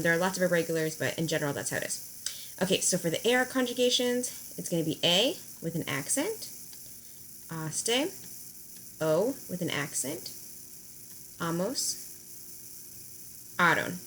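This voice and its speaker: Woman, friendly teacher delivering a recorded classroom lesson; lower register, slight background noise. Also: lively intonation, fairly bright tone, rough recording. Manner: friendly, explanatory, slows down to spell out verb endings. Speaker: high school Spanish teacher. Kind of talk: recorded video lesson at a whiteboard.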